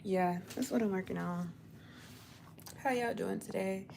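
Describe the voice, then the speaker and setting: Tired young woman rambling on her livestream, kinda gravelly voice, faint room hum behind. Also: medium pitch, measured pace, a little mellow. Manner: laid-back, rambling, slangy. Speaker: livestream host. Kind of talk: casual livestream chat. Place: her apartment.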